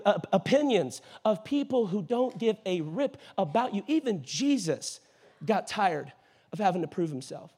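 A man preaching a sermon in a church, animated and jokey, using playful voices for the characters in scripture. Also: high voice, normal speed, husky. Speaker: pastor. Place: church auditorium.

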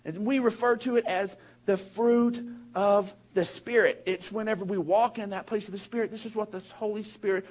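A man preaching a sermon, animated and emphatic, with rambling asides, restarts and bursts of laughter. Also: high voice, moderate pace. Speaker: pastor.

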